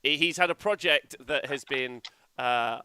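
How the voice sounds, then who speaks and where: A man's voice: mid-range voice, a little slow, pushed and bright, clean tone. A male host chatting casually on a live stream, swearing freely and filling gaps with "uh".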